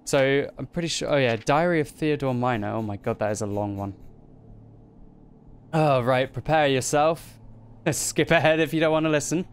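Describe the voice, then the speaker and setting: A man commenting chattily as he plays a video game, excitably narrating each of his own moves. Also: medium pitch, normal speed, clean tone. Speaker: gaming video host. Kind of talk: let's play commentary.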